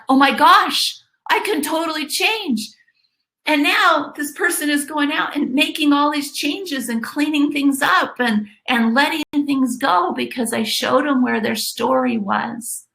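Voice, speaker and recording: A woman coaching through a motivational webinar, her voice bright and a little high. She talks slowly and earnestly and repeats her key lines for weight. The sound has an echoey room around it. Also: vocal fry. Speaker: life coach presenting a webinar.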